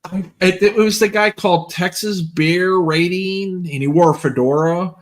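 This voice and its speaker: A man's voice: high voice, normal speed. A man in casual chat, rambling through a story with repeated words and frequent laughs. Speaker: stream co-host.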